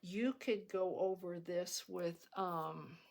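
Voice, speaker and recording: A woman's voice: fairly low pitch, takes it slowly, creaky, darkish tone. A middle-aged woman hosting a casual craft tutorial, chatty and rambling, with frequent ums and restarts as she works. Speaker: crafting video host.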